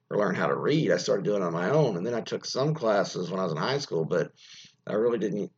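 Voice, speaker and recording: A man's voice: deep voice, slightly rough. An American man giving rambling, opinionated podcast commentary, often restarting his sentences and reading news items aloud before going off on tangents. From United States. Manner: rambling, frequent restarts and fillers, reads news aloud then riffs. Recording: dull lo-fi sound.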